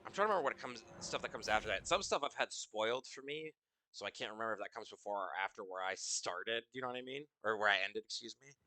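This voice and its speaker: A man's voice: fairly low pitch, lively intonation, quick pace, sharp tone. A man streaming a video game, chatting loosely and swearing, tired and yawning. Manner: loose, profane, rambling. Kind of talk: casual gaming stream chat.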